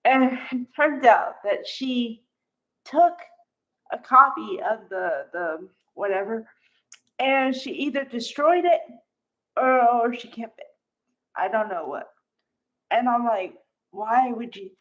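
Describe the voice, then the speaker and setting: A woman's voice: on the high side, animated, slow, pauses often, fairly bright tone. A woman casually recapping a soap opera for her viewers, chatty and full of fillers and asides. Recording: dull lo-fi recording.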